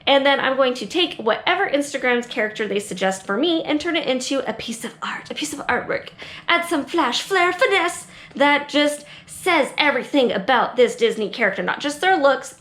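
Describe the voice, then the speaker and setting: A young adult woman, an art teacher who hosts an art channel, talks playfully to kids in a bubbly, jokey vlog style, sometimes talking to herself. Her voice sits high and is a bit bright.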